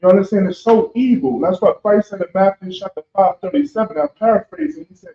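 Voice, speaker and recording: A man's voice: sits high, expressive, quick pace, mellow, slight background noise. A man earnestly joining the talk and quoting scripture in old phrasing. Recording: echoey room, dull lo-fi sound.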